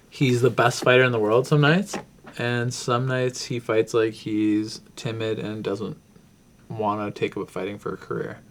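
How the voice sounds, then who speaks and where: Rambling man breaking down fights. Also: mid-range voice. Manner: rambling, thinking aloud with many fillers. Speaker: podcast host.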